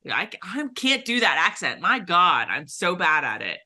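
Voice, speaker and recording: A woman's voice: fairly low pitch, very animated, moderate pace, bright, forceful tone. A woman co-hosting a casual TV recap, chatty, with many fillers and restarts. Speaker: podcast co-host.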